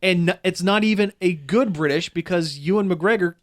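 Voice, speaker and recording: A man with a high-pitched voice, speaking at normal speed, co-hosts a casual podcast where he rambles through a critical movie review and keeps restarting.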